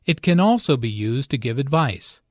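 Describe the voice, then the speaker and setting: A man explaining English phrases in a scripted lesson, speaking slowly with careful stress on key words. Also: mid-range voice, animated, no echo, clean studio sound. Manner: slow, careful, clearly stressed delivery. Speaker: English teacher. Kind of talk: scripted lesson narration and dialogue.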